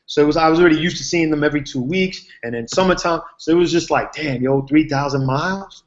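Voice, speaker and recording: A TV writer joins an online video hangout as a guest and spins a long, casual, rambling story heavy on slang and fillers. He talks fast in a slightly high voice, and the audio has its highs cut off.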